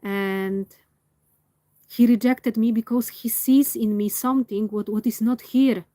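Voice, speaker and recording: A woman speaking in a reflective personal monologue, earnest and candid, often pausing and restarting as she searches for words. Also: on the high side, steady tone, mellow, no room sound. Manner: slow, hesitant, searching for words. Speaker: vlogger.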